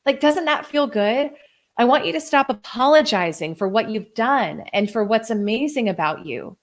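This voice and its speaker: A woman's voice: fairly high pitch, lively intonation, normal speed. A woman in her thirties hosting a live coaching stream, reading viewer comments aloud in a gushing, effusive way, full of "like" and exclamations. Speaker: host and coach.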